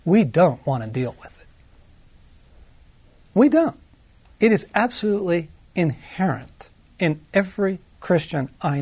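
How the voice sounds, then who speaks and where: A man's voice: fairly high pitch, darkish tone, slightly rough, dry recording. Conversational male preacher, dry close sound. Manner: conversational, lots of asides and tag questions; shifts between slow emphasis and quick runs. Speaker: pastor. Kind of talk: sermon.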